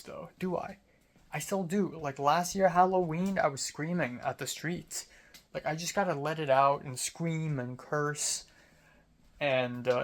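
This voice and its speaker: A young man from Hong Kong, rambling candidly through a casual diary-style vlog, full of fillers and self-deprecating asides. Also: fairly high pitch. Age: young adult. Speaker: vlogger. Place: outdoors on a college campus.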